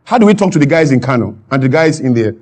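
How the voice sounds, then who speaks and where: A man's voice: mid-range voice, very animated, fast, a little mellow. A man giving an impassioned talk, emphatic and repeating lines for effect. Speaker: guest speaker.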